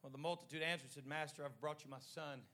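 A man preaching a sermon in short rhythmic phrases that build to shouting. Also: a little high, fairly even intonation, fast talker.

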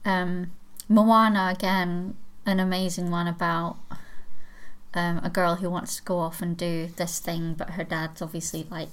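A woman's voice: fairly low pitch, flat delivery, measured pace, smooth. A woman in her thirties co-hosting a podcast, chatting casually and giggling as she tells corny jokes. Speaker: podcast co-host. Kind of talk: casual chat.

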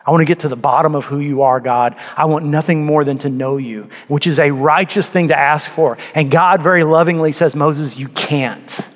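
A male pastor preaching in a large church hall, his slightly high voice carrying a long reverb tail. He speaks earnestly and pushes to emphatic peaks on key points. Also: normal speed, hardly any pauses. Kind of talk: sermon.

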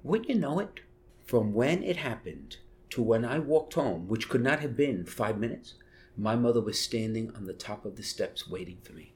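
A middle-aged man with a New York accent, a bishop telling family stories in an interview, animated and laughing as he talks. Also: mid-range voice, normal speed. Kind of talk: storytelling interview.

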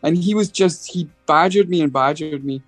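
A man's voice: on the high side, normal speed, no echo, soft background music. A middle-aged Scottish man telling a rambling story as a guest in a casual interview, often restarting his sentences. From Scotland. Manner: rambling, full of restarts and acted quotes. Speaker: guest musician.

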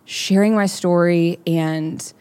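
Heartfelt woman with a lower voice. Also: steady tone, takes it slowly, darkish tone, smooth. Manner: heartfelt, rambling with many fillers. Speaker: podcast co-host. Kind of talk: candid faith conversation.

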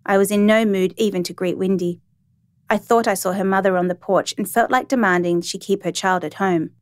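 A woman narrating a first-person story in a calm, even, reflective reading voice. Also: medium pitch, a little fast, no echo.

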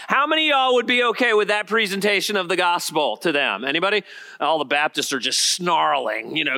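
High-voiced, bright preaching man. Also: fast talker. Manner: animated preaching, rising to emphatic peaks, asks the crowd questions. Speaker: pastor. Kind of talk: sermon.

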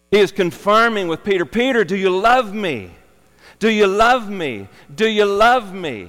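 A man's voice: on the high side, a bit bright, smooth, in a large hall. A man preaching a sermon, earnest and emphatic, repeating his key phrases for weight.

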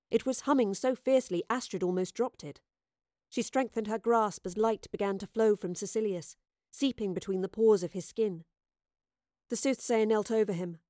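A woman narrates a storybook in a steady, measured voice. Her pitch sits in the middle, and the recording is dry and close with no room echo. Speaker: audiobook narrator. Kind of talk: scripted narration.

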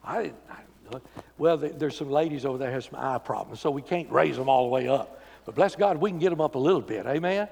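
A man preaching a sermon as pastor, swinging from loud emphatic calls to quiet, intimate talk. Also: medium pitch, lively intonation, fast talker, vocal fry. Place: church sanctuary. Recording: church sanctuary with long reverb.

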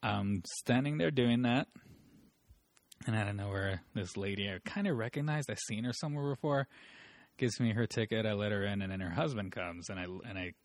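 A young man telling casual, profane stories in a relaxed chat, laughing as he talks. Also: lowish voice, brisk, dry recording. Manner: loose, profane, laughs through his stories.

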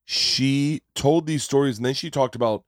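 A man's voice: medium pitch, moderate pace, dry recording, studio quality. A man hosting a podcast on a tour bus, telling stories in a rambling, enthusiastic way and swearing often. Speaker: podcast host. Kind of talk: casual chat.

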